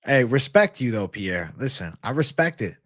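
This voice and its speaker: In a small room, a male host runs a live betting-picks stream, chatting casually with lots of hype, swearing freely, and reacting aloud to his chat. His mid-range voice swings widely in pitch, is a bit bright, and moves at a moderate pace. The sound is dry and close-miked.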